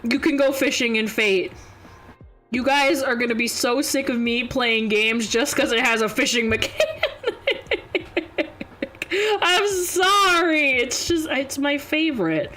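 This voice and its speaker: A young woman with a high, girlish voice chats casually on a stream. She talks at an unhurried pace, rambling and giggling through her stories, with faint music underneath. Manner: giggly, rambling, animated storytelling. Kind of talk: casual chat.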